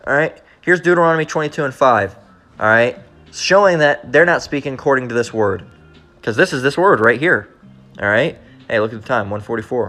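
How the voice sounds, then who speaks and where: A man preaching in a blunt, confrontational way, repeating his points and reading scripture slowly and deliberately. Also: medium pitch, bright, forceful tone, soft background music. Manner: blunt, repetitive, keeps asking "all right?"; reads verses slowly and deliberately. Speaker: street preacher.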